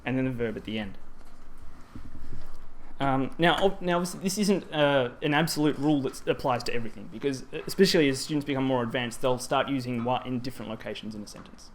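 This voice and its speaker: Over slight background noise, a man with a medium-pitched voice speaks fast. He's giving a conference talk on grammar at a language teaching symposium, frequently pausing with "um" and correcting himself.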